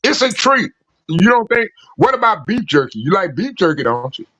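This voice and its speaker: High, lively man on a muffled call. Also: moderate pace. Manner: animated, rambling, laughs through his stories. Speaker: regular caller on a call-in stream. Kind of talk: casual chat and storytelling. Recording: muffled lo-fi call audio with fan noise.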